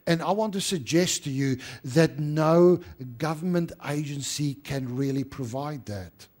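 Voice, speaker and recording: A man preaching a sermon as pastor, rising to emphatic stress and dropping to hushed tones. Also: on the high side.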